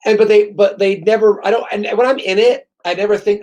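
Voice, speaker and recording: Male host, rambling profane comic, self-deprecating, slightly higher voice. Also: fast, few pauses, darkish tone. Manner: profane, sarcastic, self-mocking. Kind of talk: rambling comedic monologue.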